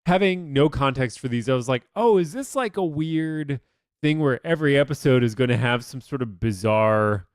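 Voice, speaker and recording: A man's voice: mid-range voice, moderate pace, clear, resonant tone, dry recording, clean studio sound. A man co-hosting a casual podcast, wisecracking and dropping into mock character voices. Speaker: podcast host.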